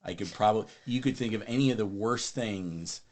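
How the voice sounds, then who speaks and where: A man's voice: fairly low pitch, brisk, darkish tone. A man hosting a podcast, reflective in casual interview chat, stammering now and then as he gathers his thoughts. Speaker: podcast host.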